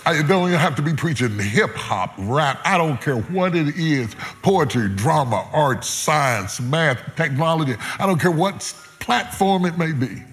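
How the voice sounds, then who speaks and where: A middle-aged man preaching a sermon, moving between loud peaks and hushed lows. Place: large church hall before a congregation. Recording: long hall reverb, loud crowd noise.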